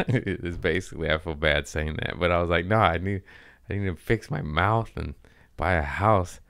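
A man's voice: sits low, a bit bright, clean tone, no echo, clean studio sound. A man chatting on a podcast, telling loose, rambling stories with frequent laughs, swearing and restarts. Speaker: podcast guest comedian. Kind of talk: casual storytelling chat.

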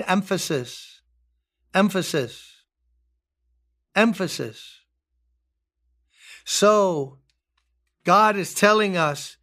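An older man preaching a sermon as pastor, emphatic, repeating key words and rising high on his appeals. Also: sharp tone.

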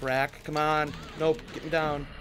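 Male gamer, raised pitch, panicky let's-play commentary, game music faint behind. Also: little pitch movement, measured pace. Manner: frantic pleading and swearing at the game. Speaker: gaming YouTuber.

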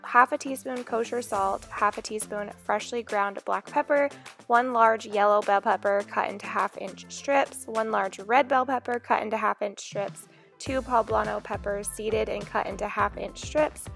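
This woman's medium-pitched, steady voice is gravelly and a bit bright, moving at a normal pace with faint music behind her. She's a lifestyle vlogger holding her camera as she chats cheerfully around her house and backyard, speaking affectionately to her dogs.

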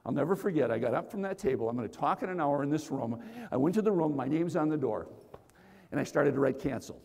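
A middle-aged man giving a live motivational keynote, telling stories and shouting to the crowd in a large conference hall. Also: a little high, fast, gravelly. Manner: energetic storytelling, shouts to the crowd. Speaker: motivational speaker. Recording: long reverb of a big hall.

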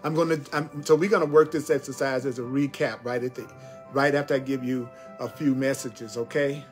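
A man teaching a spiritual class, speaking emphatically and repeating affirmations slowly. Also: medium pitch, steady tone, faint music behind. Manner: emphatic, slow repetitions of key phrases.

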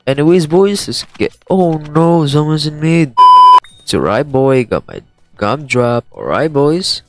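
A man hosting a gaming channel, giving excitable gameplay commentary and repeating playful taunts at other players. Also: medium pitch.

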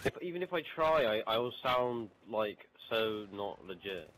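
A man's voice: medium pitch, expressive, moderate pace, a little hiss or hum, poor audio. A man chatting casually with a friend while gaming, joking and bantering. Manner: banter and jokey voice attempts. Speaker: gamer. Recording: loud gunfire behind the voice. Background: loud game gunfire.

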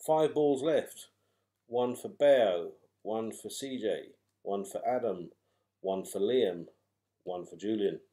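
A man hosting a live raffle draw, calling out numbers and names in a chatty, wry, unhurried way. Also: fairly low pitch, mellow. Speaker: raffle host drawing numbered balls.

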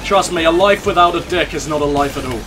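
A man's voice: fairly high pitch, fast, music in the background. A young man hosting a let's play, cracking crude jokes in casual gameplay commentary. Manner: joking, crude banter with laughs.

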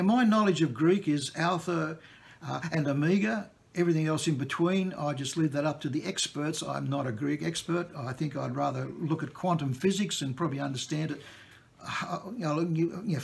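A male preacher delivering a sermon with a gravelly, creaky edge to his voice. His pitch sits a little higher than most men's, and he explains the passage in an easygoing, conversational teaching manner. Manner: plain-spoken, conversational teaching.

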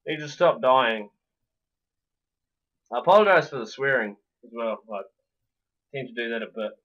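A man giving casual let's-play commentary, swearing often and swinging between low muttering and loud outbursts. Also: unhurried, long pauses. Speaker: gameplay commentator.

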